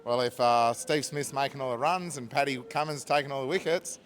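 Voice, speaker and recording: A man's voice: mid-range voice, brisk, soft background music. A man, a cricket fan giving confident, matey predictions outdoors on a city street.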